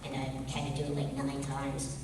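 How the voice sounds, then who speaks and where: A man's voice: medium pitch, monotone, moderate pace, background noise. Man, guest on a convention panel, joking, offhand, far from the mic, humming hall ambience. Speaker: guest of honour.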